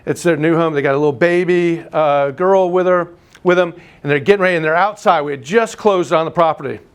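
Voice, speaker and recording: Animated man teaching a class. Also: a little high, clean tone. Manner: animated storyteller, teasing, quick asides. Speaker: real estate instructor. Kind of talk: live class lecture with anecdotes.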